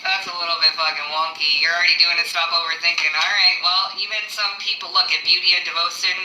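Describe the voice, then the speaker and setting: A woman's voice: on the low side, fast. Woman, tarot reader, casual spiritual reading, profane and laughing, far from the mic, roomy echo. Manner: animated, laughing, profane, chatty. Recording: echoey room, mic from a distance, faint music.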